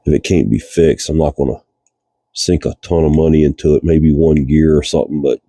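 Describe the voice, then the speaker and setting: Speaking briskly in a rumbling low voice, a Virginian-accented man narrates casually as he repairs a fishing reel in a cold garage for his reel repair channel. He has a stuffy voice from a cold and keeps things relaxed and chatty, thinking out loud with fillers; the studio-quality audio has no room sound.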